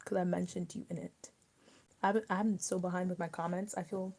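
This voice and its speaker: A young woman from Maryland hosting a live stream, chatting casually and answering viewer comments out loud while she eats. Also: on the low side, flat delivery, normal speed, vocal fry. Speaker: livestream host.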